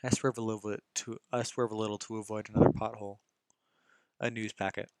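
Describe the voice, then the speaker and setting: A man's voice: fairly low pitch, flat delivery, quick pace, very noisy. A young man narrating a visual novel in first person, reading casually and often stumbling and restarting lines.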